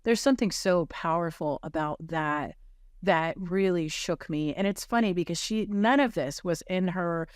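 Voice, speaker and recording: A woman on a podcast telling a moving personal story in an earnest, halting way, with many fillers and restarts. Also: on the low side, smooth, no room sound, studio quality.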